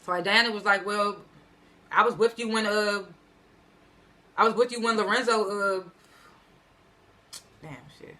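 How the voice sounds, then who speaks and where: A woman's voice: medium pitch, fairly even intonation, measured pace, long pauses, pushed and bright, a little hiss or hum. A woman giving a casual, slangy recap of a TV episode, retelling scenes as loose quotes and correcting herself as she rambles. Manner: rambling with frequent fillers and self-corrections. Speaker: TV episode reviewer.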